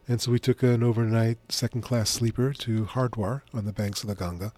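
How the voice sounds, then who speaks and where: A middle-aged man as a radio interview guest, telling stories in a gentle, unhurried way. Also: mid-range voice, fairly even intonation, dry recording. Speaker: author and spiritual teacher as guest. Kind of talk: relaxed radio interview storytelling.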